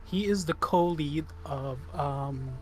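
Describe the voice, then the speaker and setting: Relaxed Canadian man, hesitant. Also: a little high, slow pace. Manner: relaxed, hesitant with lots of ums. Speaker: guest game artist. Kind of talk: casual interview chat.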